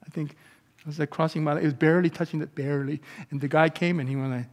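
A man preaching a sermon as pastor, moving between calm teaching and loud, animated outbursts. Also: on the high side, very fast, big-room sound. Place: church sanctuary.

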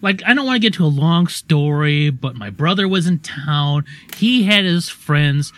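Radio co-host, male, bit higher voice, loose storyteller who keeps going off on side tracks. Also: moderate pace. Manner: rambling, animated, self-interrupting. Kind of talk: casual storytelling on air.

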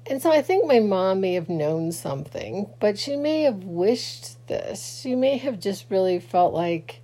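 A grieving middle-aged woman speaks slowly in a mellow, warm voice. She rambles through a casual late-night vlog, halting and restarting with many fillers. She sounds sleepy. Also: medium pitch, sing-song. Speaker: vlogger. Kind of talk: casual personal talk to camera.

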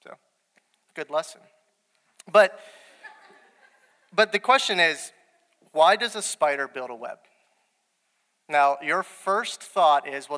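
A young man preaching a sermon, telling a story with lively quoted dialogue. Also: on the high side, in a large hall. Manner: storytelling, animated, quoting his wife in dialogue.

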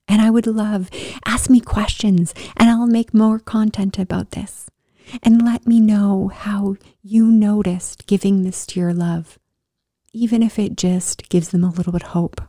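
A woman telling her own story in a casual, animated way, swinging from loud bursts to soft whispers. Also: mid-range voice, vocal fry, no room sound, clean studio sound. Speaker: storyteller sharing a personal story.

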